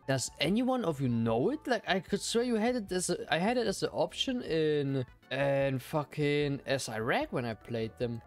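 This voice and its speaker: A young man giving casual, profane gameplay commentary as a streamer, excitable and quick to outbursts. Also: fairly high pitch. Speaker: gaming streamer.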